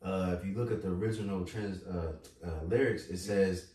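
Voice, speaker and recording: A man co-hosting a casual religious talk, relaxed and affirming, steering the discussion. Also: deep voice, moderate pace. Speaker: co-host. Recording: distant echoey room mic.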